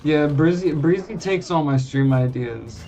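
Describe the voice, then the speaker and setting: A man who streams games, chatting in a friendly, excitable way and swearing now and then. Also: a little high, unhurried. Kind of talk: casual voice chat while gaming.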